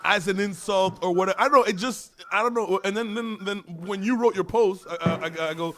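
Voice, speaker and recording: A man co-hosting a podcast in casual chat, animated, laughing often and swearing. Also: high voice, brisk, hardly any pauses, slight background noise. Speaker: podcast co-host.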